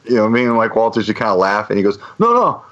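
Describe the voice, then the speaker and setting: A man's voice: on the low side, big pitch swings, fast talker, a bit bright, lo-fi sound. A man telling a long story on a podcast, rambling with many restarts and fillers. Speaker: podcast guest. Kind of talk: casual storytelling.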